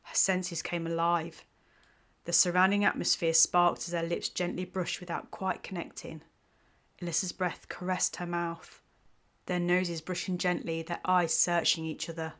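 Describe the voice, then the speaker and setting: A woman reading a romance story aloud in an even, measured way. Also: lowish voice. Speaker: host and story narrator. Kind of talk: scripted story narration.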